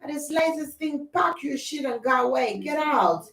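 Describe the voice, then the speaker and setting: A woman chatting with her live audience in an animated way, laughing often and acting out quarrels. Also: high voice, moderate pace, creaky. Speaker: livestream host. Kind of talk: casual chat with live comments. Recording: echoey room.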